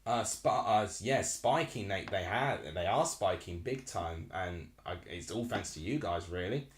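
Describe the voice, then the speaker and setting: Lively young streamer from Essex. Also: male voice, low voice, a little slow, roomy sound, a little hiss or hum. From Essex, England. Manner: chatty, rambling, reacts aloud to the match. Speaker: live stream host. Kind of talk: live football watchalong commentary.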